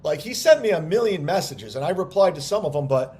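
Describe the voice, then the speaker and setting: A man's voice: fairly high pitch, sing-song, brisk, hardly any pauses, a little mellow. A man, a stand-up comedian, ranting on a livestream, annoyed and defensive, swearing bluntly as he explains himself. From United States. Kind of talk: livestream rant.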